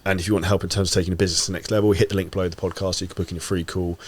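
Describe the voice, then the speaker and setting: Very fast-talking male podcast host. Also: sits low, little pitch movement. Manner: brisk, agreeable interjections. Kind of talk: casual podcast interview.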